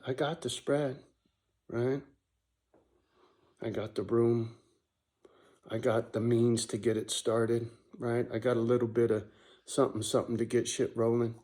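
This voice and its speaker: Man, low voice, blunt and profane, emotional, keeps asking "right?". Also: darkish tone. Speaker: vlogger running a dog rescue. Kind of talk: casual heartfelt monologue.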